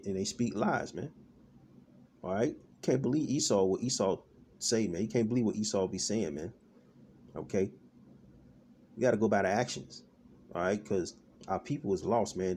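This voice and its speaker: A man's voice: lowish voice, a little mellow, slight background noise. A man giving an informal online sermon in a loose, repetitive way, often stopping and restarting as he searches for words. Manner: loose, repetitive, peppered with "man" and "all right". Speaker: street-style preacher.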